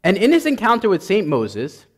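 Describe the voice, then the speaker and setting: Man, priest, sermon, impassioned, fairly high voice, lively swooping pitch. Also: moderate pace. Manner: impassioned, builds to emphatic repetition.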